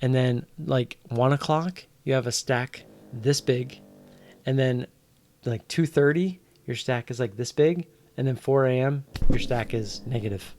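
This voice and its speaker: A man's voice: mid-range voice, unhurried, a little mellow. A young man, drunk, hosting a late-night live stream and teasing his chat viewers in a rambling way.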